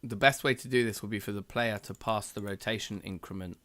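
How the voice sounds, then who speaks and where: A man's voice: lowish voice, fairly even intonation, fairly quick, a bit bright. A man rambling casually to himself about his game code while eating pizza. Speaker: game developer. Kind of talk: casual thinking-aloud coding vlog.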